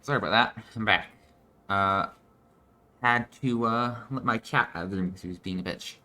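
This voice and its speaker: Low-voiced man rambling over a game. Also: normal speed, pushed and bright. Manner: loose and rambling, with frequent swearing. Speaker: let's player. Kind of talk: casual gameplay commentary.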